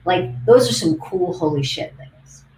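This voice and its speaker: A woman coach co-hosting a casual livestream, telling lively stories on a video call. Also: lowish voice, unhurried, roomy sound, a little hiss or hum, poor audio. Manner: lively anecdotal storyteller. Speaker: coach and co-host.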